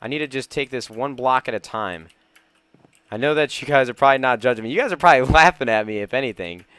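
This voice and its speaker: A man giving excitable let's play commentary, nervously talking himself through each jump and chatting to his viewers. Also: medium pitch, fast talker, clean tone, dry recording. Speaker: gaming YouTuber.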